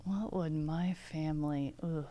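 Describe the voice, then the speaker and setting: A middle-aged woman guest on a casual podcast, answering with wry, deadpan humor. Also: low voice, unhurried, muffled recording, a little hiss or hum.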